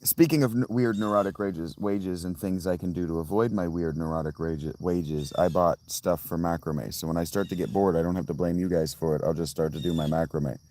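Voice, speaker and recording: A man with a deep, low voice talks loosely to his live-stream viewers from outdoors by a fountain. He rambles from one tangent to the next, restarting his sentences as he answers the chat. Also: fairly even intonation, a little fast, few pauses, mellow. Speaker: livestreamer reading chat.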